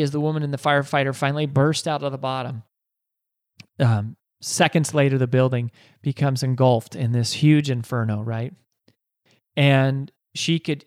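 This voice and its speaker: A man's voice: a little high, clear, resonant tone, no echo, clean studio sound. A man hosting a podcast, telling a motivational story with repeated phrases and rhetorical questions. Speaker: podcast host.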